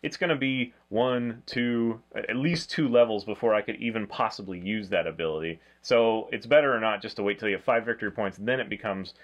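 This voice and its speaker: A man hosting a casual board game review, talking in a flat, low-key way. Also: a little fast, hardly any pauses, lo-fi sound. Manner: low-key, flat delivery, self-described monotone.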